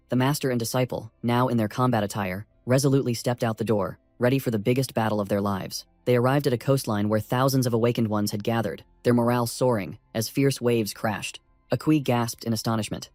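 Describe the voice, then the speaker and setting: A man narrating a story recap in an even, steady reading at a middle pitch. The voice is dry and close to the mic, with faint music playing underneath. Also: a little fast, no echo.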